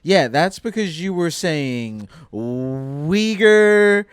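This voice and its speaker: A young man co-hosting a podcast, tossing out provocative jokes in a deadpan way. His voice is high and very animated in pitch. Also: drawn-out words, clear, resonant tone. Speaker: podcast co-host. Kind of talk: casual joking chat.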